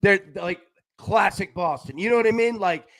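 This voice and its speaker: A man's voice: sits high, moderate pace. A man hosting a live sports betting show, rambling and laughing in casual chat. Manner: rambling, animated, laughs often.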